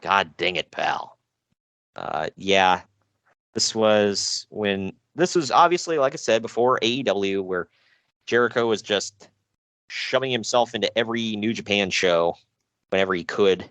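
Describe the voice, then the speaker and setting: A man's voice: on the low side, a little slow, fairly bright tone, no echo. A man hosting a casual podcast, reading out wrestling news with jokes and frequent laughs. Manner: jokey, self-deprecating, laughs often. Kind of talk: casual chat.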